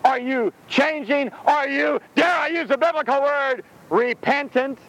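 A man preaching a sermon outdoors in a rhetorical, animated way, laughing between his points. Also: very high voice, a little slow, rough recording.

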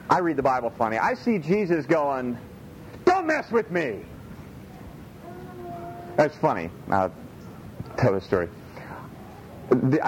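A man preaching a sermon in a folksy, animated way, repeating his phrases for emphasis. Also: medium pitch, a little hiss or hum, rough recording. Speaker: pastor.

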